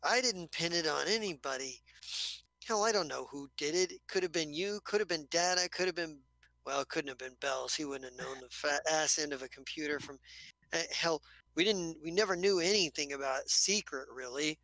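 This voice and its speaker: A man voicing a wary male outlaw hiding out, who talks in halting, rambling bursts and swears freely. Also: a little high, sharp tone, no room sound. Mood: guarded.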